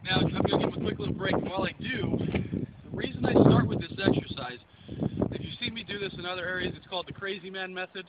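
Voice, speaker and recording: A man's voice: high voice, fast talker. A man working as a dog trainer, explaining his method plainly while handling a dog on location. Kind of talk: instructional on-location demonstration. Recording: dull lo-fi audio with loud background noise.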